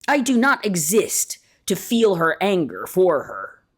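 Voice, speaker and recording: A woman reading an essay aloud in a measured, deliberate way, slowing down to stress key words. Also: lowish voice, sing-song. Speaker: reader of an essay.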